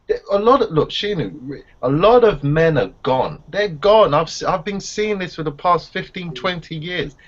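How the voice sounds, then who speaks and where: A man's voice: mid-range voice, fairly bright tone. A man on an online group discussion, talking in an emphatic, repetitive, swaggering way. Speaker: round table panelist. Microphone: video call. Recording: slightly muffled online call audio.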